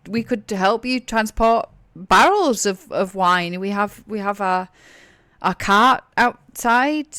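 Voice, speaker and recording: A woman's voice: on the high side, a bit bright, no room sound, clean studio sound. A woman voicing a nervous young male messenger who stammers and pleads.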